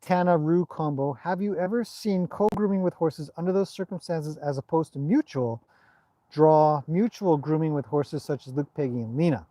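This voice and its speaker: A man with a Canadian accent, hosting a casual live stream and reading out viewer comments in a relaxed, rambling way. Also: fairly high pitch, normal speed, no room sound. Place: outdoors at a stable in the evening.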